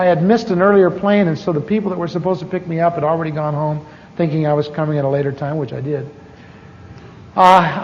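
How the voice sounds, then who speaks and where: A middle-aged American preacher with a fairly high voice tells his own story from the pulpit, stopping and starting as he plays out each conversation. The sound is muffled and old, with long reverb from a big church hall. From United States. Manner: storytelling, acting out dialogue with halting restarts. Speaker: pastor. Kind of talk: sermon testimony.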